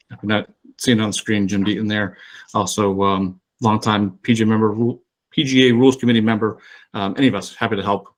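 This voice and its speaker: A man presenting a webinar as a rules official, talking in a relaxed, explanatory way with frequent fillers and restarts. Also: fairly low pitch. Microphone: online webinar mic.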